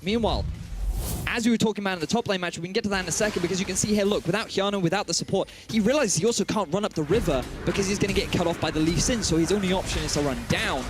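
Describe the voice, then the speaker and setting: A man with a Welsh accent breaks down a video game match as a co-caster. His voice sits fairly high, and his tone is relaxed, explanatory and easy to joke with. Heavy arena noise runs under the broadcast. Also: rapid-fire. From Wales. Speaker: esports co-caster. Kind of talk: esports analysis commentary.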